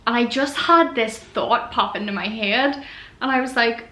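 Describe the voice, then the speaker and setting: A young woman in her twenties chats openly to camera in a casual vlog, with "like" scattered all through. Her voice is bright and forceful. The room around her rings with a noticeable echo. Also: a little high, measured pace. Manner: chatty and open, heavy use of "like". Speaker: vlogger. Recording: echoey room.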